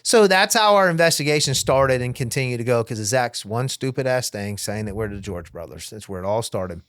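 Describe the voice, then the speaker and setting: A man's voice: mid-range voice, expressive, fairly quick, a bit bright, no room sound. A man as a podcast guest, telling a story in casual, profane talk and acting out what others said. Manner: profane, vivid storyteller acting out quoted dialogue.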